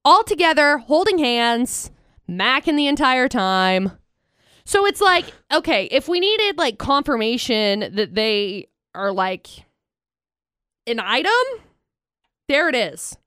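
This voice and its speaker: A woman co-hosting a radio show, gossiping in an expressive, emphatic way. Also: high-pitched, takes it slowly, smooth, dry recording, studio quality. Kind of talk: casual radio banter.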